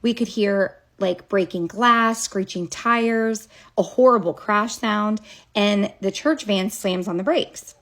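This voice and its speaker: A woman's voice: mid-range voice, slow pace, a bit bright. A woman telling a childhood story straight to a phone camera, casual and dramatic, with chatty asides.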